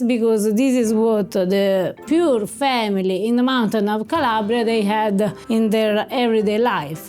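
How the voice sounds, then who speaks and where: A woman's voice: fairly high pitch, darkish tone. A woman from Italy with an Italian accent, co-hosting a cooking show and explaining a recipe step by step in slightly non-native English. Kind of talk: casual cooking chat.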